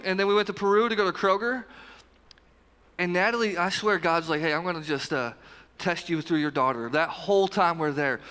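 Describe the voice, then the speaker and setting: A man in his thirties preaching a casual, joking sermon at a live church service, talking straight to the congregation with quick asides. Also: sits high, bright, forceful tone, big-room sound. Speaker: pastor.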